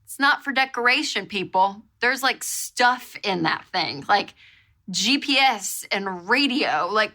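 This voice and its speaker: A woman hosting a show, telling a story in a casual, animated way with lots of fillers. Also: a little high, measured pace. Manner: animated, chatty, lots of fillers and repeated exclamations. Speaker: show host.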